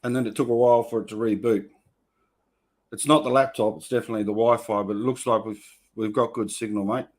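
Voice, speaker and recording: An Australian man hosting a casual livestream, greeting viewers one by one in a relaxed, matey way. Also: mid-range voice, fast. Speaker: host.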